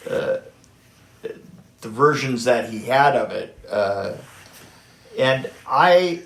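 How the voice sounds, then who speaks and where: A production designer, middle-aged or older, tells anecdotes in a loose chat, restarting often and mimicking what others said. His mid-range voice is animated, creaky, and a bit bright, with drawn-out words, slight background noise, and an echoey room.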